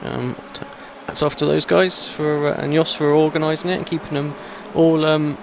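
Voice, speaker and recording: A man giving relaxed, conversational analysis as a sim racing commentator. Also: on the high side, moderate pace, gravelly, noisy background. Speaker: race commentator. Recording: race car engines loud behind.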